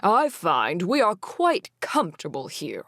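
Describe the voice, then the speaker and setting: A woman's voice: fairly low pitch, huge pitch swings, measured pace, a bit bright, dry recording, studio quality, exaggerated voice. A woman voicing a whiny, arrogant male elf emperor who sneers and talks down to others, in an audiobook fantasy reading. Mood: sneering. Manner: sneering, petulant.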